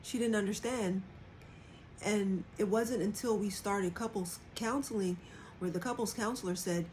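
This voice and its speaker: A woman's voice: medium pitch, moderate pace, a little mellow, a little hiss or hum. A woman hosting a livestream, talking candidly and casually about her own experience, and acting out quoted dialogue in changed voices. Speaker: livestream host. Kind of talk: casual personal reflection.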